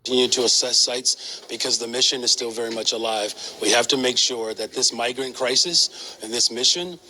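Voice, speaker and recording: A man speaking as an official at a press briefing, measured and pausing often on fillers. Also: medium pitch, fairly even intonation, pushed and bright, slight background noise, low-quality recording. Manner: measured, many filler pauses. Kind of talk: press conference statement.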